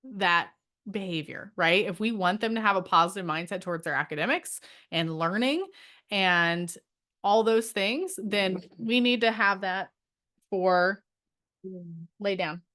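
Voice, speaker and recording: A woman's voice: medium pitch, measured pace, pushed and bright. A middle-aged woman coaching homeschool parents in an online training from home. She talks conversationally, often checks in with "right?" and acts out parents' and teens' voices. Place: home, with a dog nearby.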